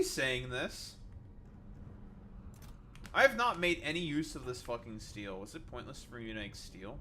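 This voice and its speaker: A young male streamer chatting over his game in a loose, profane rant, with his pitch jumping all over the place. His voice is bright and cutting. A faint hiss of background noise runs underneath. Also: unhurried, pauses often. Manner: profane, excitable, breaks into laughter, rants. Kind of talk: casual gaming stream chat.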